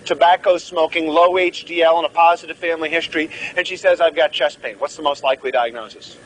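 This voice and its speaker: A man's voice: fairly high pitch, steady tone, quick pace, background noise. A man giving a live medical lecture, joking and theatrical as he quizzes the class.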